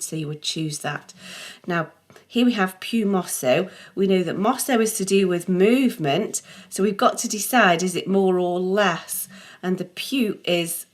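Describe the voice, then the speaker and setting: Patient, encouraging middle-aged woman teacher. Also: mid-range voice. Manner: patient, encouraging, self-correcting. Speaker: music theory teacher. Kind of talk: online tutorial explanation.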